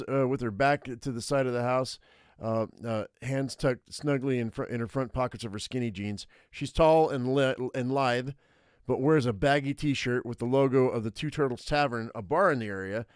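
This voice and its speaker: A man reads an interactive survival story aloud on a live stream, stumbling over words and correcting himself as he goes. His voice sits at an ordinary middle pitch. The sound is dry and close, with no room around it. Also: clean tone, no echo. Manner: halting reading with fillers and self-corrections. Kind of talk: live reading of a text game.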